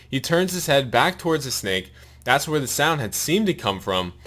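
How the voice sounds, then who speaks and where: A man reading a long story aloud in a steady narrating voice, his mouth sore and bleeding after a wisdom tooth removal. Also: on the high side, moderate pace. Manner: steady read-aloud narration with pained asides.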